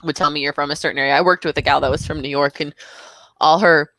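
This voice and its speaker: A woman from California, guest co-host on a casual film commentary, chatty and quick to agree. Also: low voice, fairly even intonation, a bit bright.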